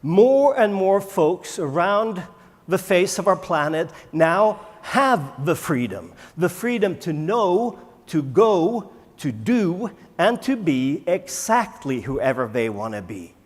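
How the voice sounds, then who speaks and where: A man, a native Swedish speaker, giving a conference keynote and firing rhetorical questions at the audience with dramatic pauses. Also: high-pitched, big pitch swings. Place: large conference hall. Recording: echoey conference hall.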